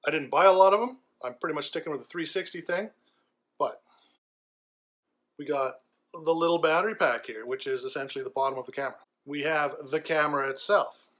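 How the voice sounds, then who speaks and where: A man vlogging an unboxing, chatty and excited, describing gear as he handles it. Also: brisk. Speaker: tech vlogger. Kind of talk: enthusiastic unboxing vlog. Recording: low-quality video audio.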